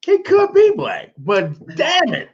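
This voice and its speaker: A man in a casual podcast chat, loud, profane and incredulous. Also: very high-pitched, huge pitch swings, slow, lo-fi sound.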